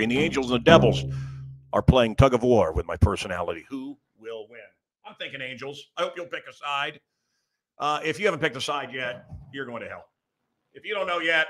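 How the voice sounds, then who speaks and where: A man's voice: medium pitch, lively intonation, brisk. A middle-aged American man hosting a show, rambling through a comic monologue and teasing his producer. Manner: joking, teasing the producer, building up a bit. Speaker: radio host.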